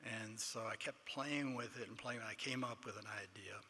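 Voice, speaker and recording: Speaking at normal speed in a fairly low, pushed and bright voice, an older Texan man accepts an award with an anecdotal speech. He pokes fun at himself and acts out other people's lines of dialogue. The large banquet hall lends long reverb, with faint room noise underneath.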